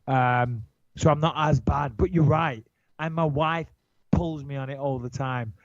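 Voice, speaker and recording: A man's voice: on the high side, measured pace, no echo, muffled recording. Nasal Manchester man, brash and profane. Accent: Manchester English. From England. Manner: brash and profane, with lively impressions. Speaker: podcast host. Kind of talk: casual podcast chat.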